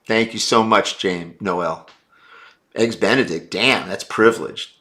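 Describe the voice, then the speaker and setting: A man's voice: lowish voice, measured pace, pushed and bright. A man hosting a casual live stream, answering viewer chat in a blunt, brash and profane way.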